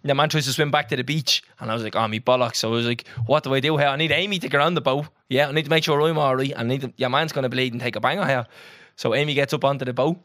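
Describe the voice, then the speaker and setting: A young Irish man co-hosting a podcast, telling a story in an animated, sweary, casual way. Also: mid-range voice, rapid-fire, no room sound, clean studio sound. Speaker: podcast co-host. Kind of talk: casual chat.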